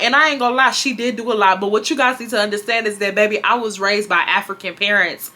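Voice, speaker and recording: Brief: woman, 20s, vlogger, bright edgy voice, animated and profane storyteller. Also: medium pitch, a little fast, hardly any pauses. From Houston, Texas. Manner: animated, profane, talks straight to viewers. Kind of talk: storytime vlog.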